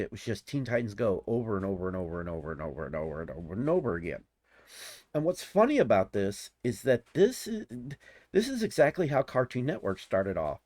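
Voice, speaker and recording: Guy in his 40s gushing and rambling on camera, pitch bouncing all over, dry close sound. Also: dry recording. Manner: excitable, gushing, restarts often. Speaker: YouTuber. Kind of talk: rambling casual commentary.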